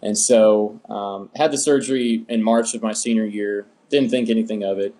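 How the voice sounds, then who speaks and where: A young man from the United States, an interview guest, telling his story in a relaxed, rambling way with many fillers. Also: fairly low pitch, moderate pace. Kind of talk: casual storytelling.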